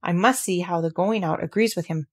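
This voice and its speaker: A woman reading aloud and voicing a cautious, slightly nervous male doctor in a measured tone. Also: lowish voice, husky, dry recording, studio quality. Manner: measured, hesitant.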